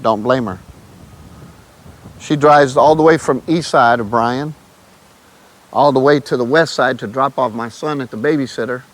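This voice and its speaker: A man's voice: medium pitch, moderate pace, pauses often. Emotional man telling his story. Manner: emotional, repeats "man" often. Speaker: guest telling his testimony. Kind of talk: casual storytelling.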